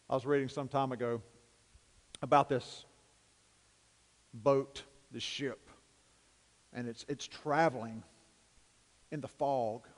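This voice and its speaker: A man's voice: medium pitch, steady tone, slow pace, long pauses. A man pastor preaching a sermon and praying, emphatic and repetitive, in a church sanctuary. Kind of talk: sermon and prayer. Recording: long church hall reverb.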